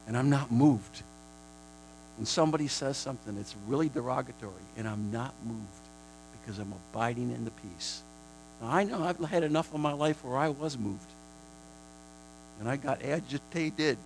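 A man preaching a sermon, repeating phrases for emphasis and swinging between a hushed, prayerful murmur and high, shouted declarations. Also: animated, normal speed, vocal fry, background noise.

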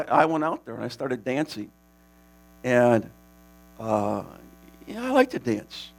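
A man casually telling the story of a preaching mission, animated and laughing, with many restarts. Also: a little high, vocal fry.

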